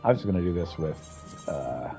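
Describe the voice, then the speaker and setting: A man's voice: low voice, animated, normal speed, mellow, faint music behind. A man streaming a video game, chatting casually and thinking aloud as he rambles through it. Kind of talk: casual gameplay commentary.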